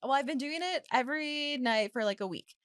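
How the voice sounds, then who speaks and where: A woman's voice: high voice, lively intonation, a little fast, fairly bright tone, dry recording, clean studio sound. A woman co-hosting a casual podcast, laughing often as she chats. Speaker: podcast co-host. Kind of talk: casual chat.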